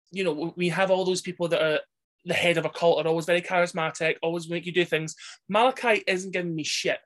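A man's voice: high voice, fairly bright tone. A man who is a podcast guest, chatting casually and animatedly about a film, laughing often and acting out quotes. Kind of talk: casual chat.

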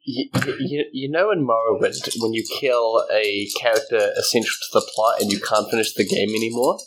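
A man's voice: on the low side, steady tone, moderate pace, fairly bright tone, slight background noise, low-quality recording. A man playing a tabletop game, making wry, rambling asides in casual chat. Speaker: player.

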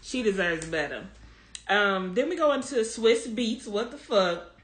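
A woman's voice: medium pitch, expressive, unhurried, echoey room, very noisy. A woman co-hosting a casual podcast chat, laughing often, swearing freely and acting out what people said. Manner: laughing, profane, acts out quotes. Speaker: podcast co-host.

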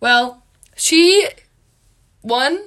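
A woman's voice: high-pitched, animated, drawn-out words, fairly bright tone. Giggly young woman co-hosting a podcast. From Wisconsin. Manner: playful, teasing, giggly banter. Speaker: podcast co-host. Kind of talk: casual podcast chat.

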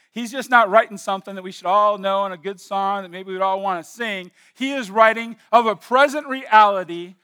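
A man preaching a sermon to a congregation, emphatic and swinging between hushed and loud. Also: sits high. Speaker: pastor. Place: church with slides.

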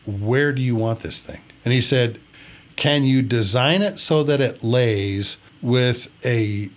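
A middle-aged man hosting a podcast, telling a long story in a folksy way and acting out the dialogue as he goes. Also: mid-range voice. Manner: folksy, acts out dialogue while retelling it. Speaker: podcast host and retired air refueling planner. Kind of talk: storytelling monologue.

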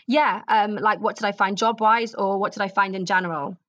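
Young Welsh actress, earnest interview guest, dry slightly dull recording. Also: female voice, mid-range voice, steady tone, a little fast, fairly bright tone, no room sound. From Wales. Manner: earnest, open, repeats herself for emphasis. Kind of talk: candid interview.

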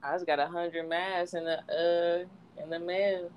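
A woman's voice: on the low side, steady tone, unhurried, darkish tone, clear, resonant tone. A woman co-hosting a casual chat in a laid-back, wry manner.

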